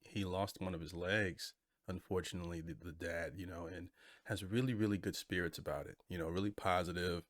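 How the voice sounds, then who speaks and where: Deep-voiced laid-back man reacting. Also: steady tone, a little fast, no room sound, clean studio sound. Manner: laid-back, rambling, many asides. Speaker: reaction video host. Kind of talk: casual reaction commentary.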